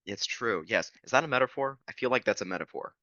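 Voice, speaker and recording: A man's voice: medium pitch, expressive, quick pace, pushed and bright, no echo, lo-fi sound. A man guesting on a podcast, talking in a casual interview in an earnest, playful way.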